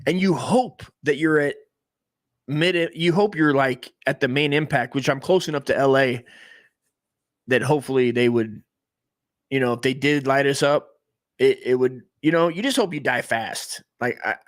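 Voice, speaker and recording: A man's voice: medium pitch, moderate pace, no echo. Crude rambling man with a dry close mic. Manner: crude, rambling, trails off and restarts, mock voices for others. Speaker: comedy podcast host. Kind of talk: rambling profane comedic monologue.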